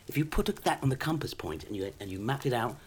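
A man co-hosting a comedy podcast, presenting supposedly haunted curios in a mock-solemn salesman manner with halting restarts. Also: mid-range voice, animated. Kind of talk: improvised comic patter.

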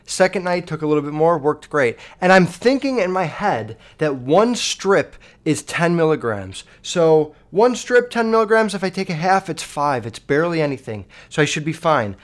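A young man telling a rambling personal story to the camera, swearing often and acting out his own past panic. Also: fairly high pitch.

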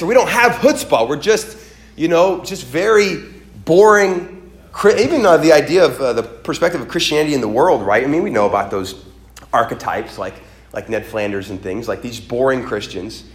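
Animated preaching man in an echoey hall. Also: a little high. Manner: animated storytelling, voices quoted characters, rises to emphatic peaks. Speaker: pastor. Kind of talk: sermon.

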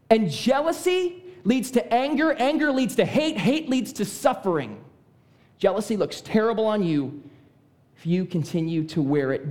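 A man preaching a sermon, emphatic and repetitive, dropping his voice low to drive home key points. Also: darkish tone.

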